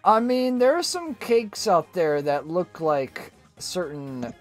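A man streaming a party game, talking in animated, crude joking banter with friends. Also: sits high, slow, soft background music. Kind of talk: casual gaming stream chat.

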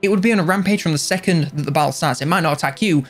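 A man's voice: fairly high pitch, rapid-fire, faint music behind. A man giving casual, jokey video game commentary, rambling and correcting himself along the way.

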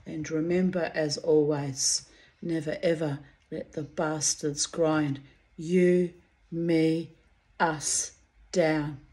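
A woman's voice: deep voice, fairly even intonation, slow pace, mellow. A middle-aged woman giving a casual personal oracle reading, rambling and heartfelt, calling her listeners darlings and babies. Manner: rambling and heartfelt, repeats words. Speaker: oracle card reader.

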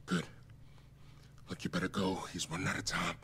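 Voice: deep voice, little pitch movement, moderate pace, bright, forceful tone, a little hiss or hum. An actor voicing a frightened game character urgently begging for medicine to be delivered to a brother. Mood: pleading. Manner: urgent pleading.

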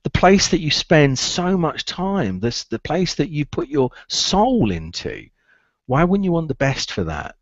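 Animated man giving recruitment training. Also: on the high side, a little slow, dry recording, highs cut off. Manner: emphatic, repetitive, animated. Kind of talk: training seminar talk.

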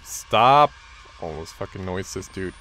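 A man's voice: expressive, takes it slowly, pushed and bright, a little hiss or hum. Jumpy, swearing man playing a horror game. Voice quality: deep voice. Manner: swearing, jumpy, talks to himself. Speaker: gaming YouTuber. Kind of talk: horror game let's play commentary.

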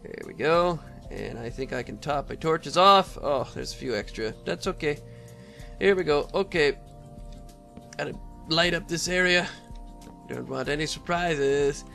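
A man's voice: on the high side, a little slow, bright, forceful tone, faint music behind. A man giving casual, rambling commentary over his own gameplay, talking to the monsters and often laughing. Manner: rambling, talks to mobs, frequent laughs and throat clearing. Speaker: Let's Play gamer.

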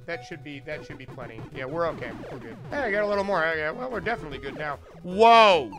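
A man's voice: fairly high pitch, animated, a bit bright, low-quality recording. Joking man streaming retro games, music behind. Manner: joking, talks to chat, quick asides. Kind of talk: casual gameplay commentary.

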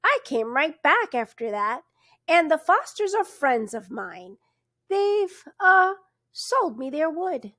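A secretive, courteous man, as a woman reader puts him on answers in short, patient lines. He speaks slowly and tightly, close to a dry mic. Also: sits high, sing-song, fairly bright tone, no echo, voice pushed up, full character voice. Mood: clipped courteous. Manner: clipped and patient. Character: cold, courteous, secretive man in a yellow suit.

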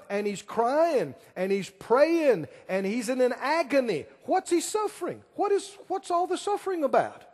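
Preaching a sermon, a male pastor uses a high voice with big pitch swings, rising and falling dramatically. He takes his time yet moves at normal speed with hardly any pauses, drawing out key words and firing questions at the congregation. The large hall gives a long echo.

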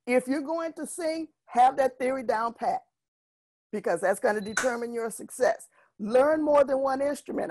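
A middle-aged woman teaches singers in an animated workshop talk, slipping into the voices of students and parents as she tells her stories. Her voice is gravelly and husky, and sits a little high for a woman. It is recorded close and dry, with no room sound. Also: dry recording. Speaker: vocal music educator.

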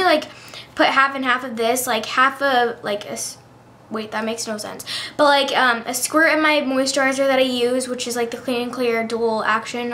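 Bubbly high-voiced teen girl vlogger. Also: a bit bright. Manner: bubbly, chatty, lots of fillers. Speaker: beauty vlogger. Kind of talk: casual chat.

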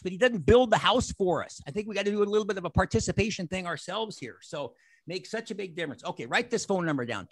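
An animated man in his sixties talks to a group over a video call. His voice sits a touch high with a gravelly edge. The sound is close and dry, with no room around it. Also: fast, dry recording. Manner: animated, acts out quoted exchanges. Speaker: motivational speaker. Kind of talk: energetic motivational talk.

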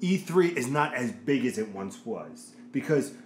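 A man's voice: mid-range voice, animated, measured pace. A man co-hosting a casual gaming chat, rambling and searching for words as he talks. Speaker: podcast co-host. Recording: echoey room, faint noise.

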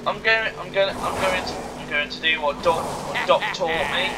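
A man's voice: sits high, moderate pace, few pauses, far from the mic, heavy background noise. A man hosting a let's play, rambling and stumbling over words while he races, with a cough. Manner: rambling, stammers and repeats. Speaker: gaming channel host.

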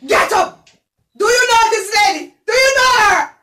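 A woman with a Jamaican accent plays a volatile, domineering queen, shouting orders and weeping in theatrical bursts. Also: very high-pitched, expressive, moderate pace, heavy background noise. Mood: scolding. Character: volatile, domineering queen who is also a mother. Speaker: home-video actor. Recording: echoey room, far from the camera.

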